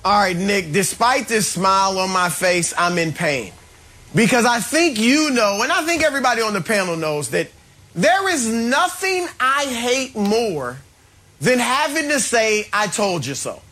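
A man with a high, bright voice argues on a studio sports panel. His delivery swoops widely as he gloats and teases. He leans hard on dramatic emphasis. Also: very animated, measured pace.

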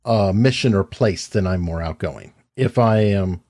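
A man hosting a podcast speaks in an extremely low register. He talks in a relaxed, casual way and mostly answers in short words. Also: a little slow. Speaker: podcast host. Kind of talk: casual interview chat.

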